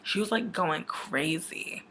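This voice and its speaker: A livestream host spins a comic gossip tale, rambling and dramatic, with fillers and cursing all through it. The voice sits at a middle pitch and carries no marked coloring. It sounds like it was picked up on a plain webcam microphone. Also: takes it slowly, sharp tone, breathy edge.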